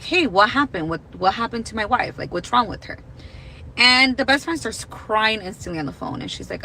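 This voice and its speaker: A woman's voice: medium pitch, sharp tone, slight background noise, rough recording. A woman on a podcast telling a long story in casual chat, full of "like", acting out what people said. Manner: rambling, heavy use of "like", acts out quoted dialogue. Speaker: podcast co-host.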